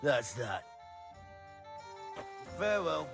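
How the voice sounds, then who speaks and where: An actor voicing a burly, blunt medieval brawler who talks curtly in video game dialogue. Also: male voice, a little high, very animated, very slow, creaky, music in the background, exaggerated voice. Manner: curt, plain-spoken.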